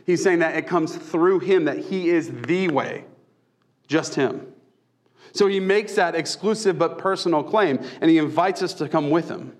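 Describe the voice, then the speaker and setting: A man's voice: fairly high pitch, moderate pace. A young man, preaching a casual sermon with self-deprecating humor. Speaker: pastor.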